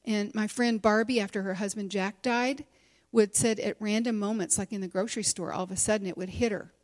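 A woman's voice: mid-range voice, steady tone, brisk. A middle-aged woman speaking candidly to a women's gathering, sharing a personal testimony in a conversational way with many fillers. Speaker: conference speaker and teacher.

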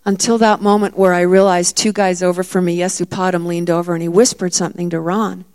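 A woman's voice: on the low side, little pitch movement, fairly quick, darkish tone. Woman preaching a storytelling sermon. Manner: storytelling, acts out the disciples' lines with rising emphasis.

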